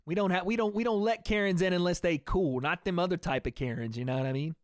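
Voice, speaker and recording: A man's voice: high voice, fast, dry recording, clean studio sound. A young man hosting a fight watch party stream, giving casual live commentary in a loose, slangy way and talking back to his chat.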